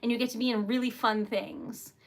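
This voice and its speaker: A woman's voice: on the high side, steady tone, a little fast. A young woman from Rhode Island hosting a casual livestream, flustered and giggly, stammering a little as she chats. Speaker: livestream host.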